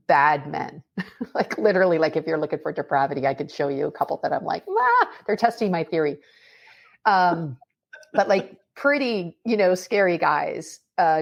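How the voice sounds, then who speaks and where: A woman, an author and speaker, talking as a podcast guest in a lively, storytelling way with frequent fillers. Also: low voice, gravelly. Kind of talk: casual podcast conversation.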